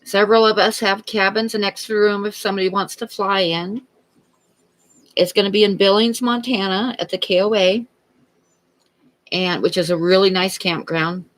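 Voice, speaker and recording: Streamer host, casual chat, relaxed, rambling, middle pitch. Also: normal speed, low-quality recording. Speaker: painting livestream host. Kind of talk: casual chat and joke-telling.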